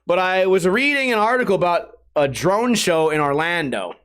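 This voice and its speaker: A man hosting a solo podcast, telling rambling stories in a casual, animated way, laughing and swearing along. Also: sits high, moderate pace, clear, resonant tone. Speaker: podcast host.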